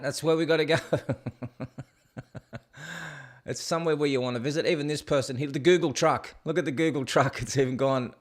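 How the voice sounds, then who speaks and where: Hosting a laid-back show, a man rambles and jokes in casual video commentary, tripping over hard place names. His mid-range voice stays steady and brisk, broken by frequent pauses.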